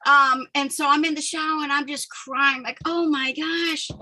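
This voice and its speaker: A woman hosting a podcast, telling a personal story in animated, rambling casual chat with frequent laughter. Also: high-pitched, normal speed. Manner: rambling with many restarts. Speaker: podcast host.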